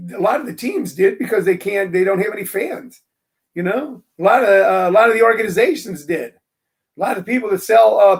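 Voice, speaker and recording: A man hosting his own show, talking through a casual monologue in an animated, emphatic way, ranting with playful jabs. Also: high-pitched, vocal fry. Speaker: show host.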